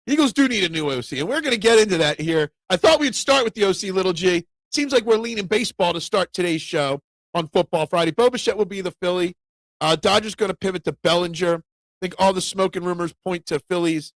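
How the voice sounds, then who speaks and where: A man hosting a casual sports talk show, opinionated and animated, raising his voice when he rants. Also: sits high, fast, no room sound. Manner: opinionated, animated, gets loud when ranting.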